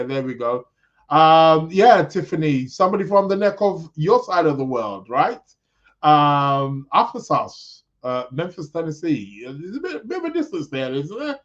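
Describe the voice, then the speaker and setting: A man's voice: fairly high pitch, animated, unhurried. A man with a slightly raised voice hosts a live astrology podcast. He rambles, stops to correct himself and chats with his viewers. The sound is dull and lo-fi. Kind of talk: casual live-stream chat.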